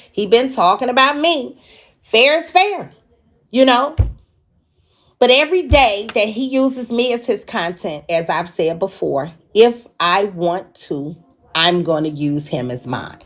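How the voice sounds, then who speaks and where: Slow, blunt woman ranting on a stream. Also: medium pitch, fairly bright tone. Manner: confrontational, profane, warning; drawn-out emphatic delivery. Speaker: live-stream host. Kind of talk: live-stream rant.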